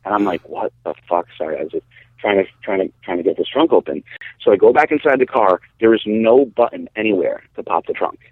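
Low-voiced man telling a story over a phone-like line. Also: fast talker, husky. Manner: animated, swearing, acts out quotes. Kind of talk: casual storytelling on a podcast. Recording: dry, phone-like narrow sound.

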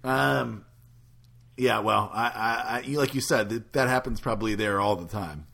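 A man's voice: lowish voice, normal speed, creaky. A man hosting a casual chat, asking musing follow-up questions. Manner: relaxed, asks musing questions.

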